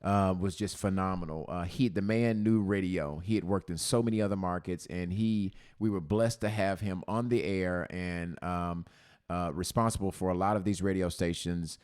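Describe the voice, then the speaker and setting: Very low-voiced guy on a podcast, ex radio host, stops and restarts a lot, thoughtful. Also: fairly even intonation, darkish tone, clear, resonant tone. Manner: halting, repeats words, reflective. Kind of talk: casual chat.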